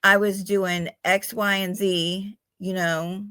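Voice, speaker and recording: Woman, middle-aged, podcast guest, blunt, swears freely, slow talker, dry close sound. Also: medium pitch, level tone, sharp tone, clear, resonant tone, no room sound. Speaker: guest in recovery. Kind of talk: candid conversational storytelling.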